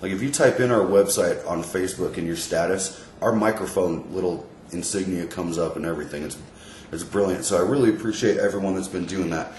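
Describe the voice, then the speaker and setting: A man's voice: deep voice, brisk, darkish tone, echoey room, slight background noise. A man co-hosting a podcast, chatting casually and telling stories with friends. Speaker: podcast co-host. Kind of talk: casual chat.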